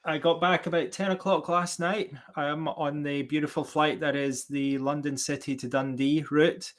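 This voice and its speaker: A man's voice: a little high, flat delivery, moderate pace. A man co-hosting a podcast, telling a casual travel anecdote with a wry, easygoing tone. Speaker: podcast co-host.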